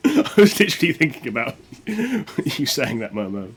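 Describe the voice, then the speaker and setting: A man's voice: mid-range voice, wildly swooping pitch, slow, long pauses, a little hiss or hum. A man streaming a speedrun, chatting and joking casually with his viewers. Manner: joking, chatty, reads chat aloud. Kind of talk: casual chat with viewers while playing.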